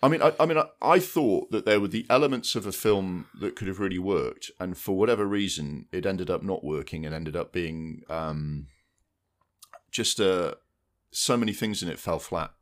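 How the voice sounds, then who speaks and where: Deep-voiced and speaking at normal speed, a podcast co-host chats casually about new movie releases. He tends to ramble, breaking off and restarting mid-sentence.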